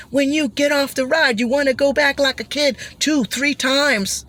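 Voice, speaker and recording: A woman delivering a motivational talk with a bright, forward tone. She speaks in an animated, expressive way, breaking into acted-out gasps, whoops and shouts. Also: high voice.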